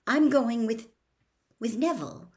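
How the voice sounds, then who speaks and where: A woman voicing a shy, quiet young teenage girl in an audiobook reading. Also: on the high side, animated, unhurried, voice pushed up. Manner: quiet, embarrassed. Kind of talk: audiobook character voice.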